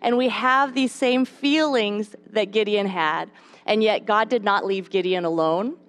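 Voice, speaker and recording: A young adult woman teaching a devotional Bible lesson to mothers, expressive, with playful asides. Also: mid-range voice, unhurried. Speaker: speaker at a mothers' Bible study.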